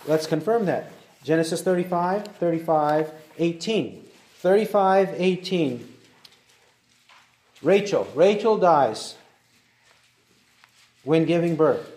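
A man teaching verse by verse through a Bible passage, reading verses slowly and deliberately. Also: on the high side, animated, darkish tone. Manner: deliberate, slows to read verses aloud. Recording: roomy echoey recording.

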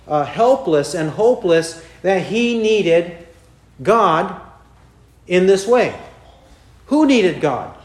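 A man delivering a sermon in a slightly high voice, taking his time over every phrase. He reads scripture deliberately and pauses often. The sound carries an echo from the room around him. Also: big pitch swings. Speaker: pastor.

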